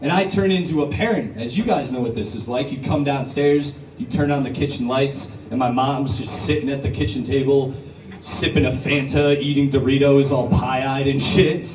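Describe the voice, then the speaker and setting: Stand-up comic in an echoey bar. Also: male voice, normal speed, a little mellow, slight background noise. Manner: crude, conversational, jumps into high character voices. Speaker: stand-up comedian. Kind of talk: stand-up comedy set. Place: brewery comedy show. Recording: roomy bar recording from a distance. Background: audience laughter and bar ambience.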